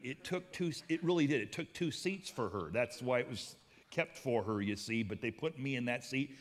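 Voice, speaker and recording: A man preaching a sermon, telling a personal story with lively emphasis and repeated words. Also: mid-range voice, long reverb tail. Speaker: pastor.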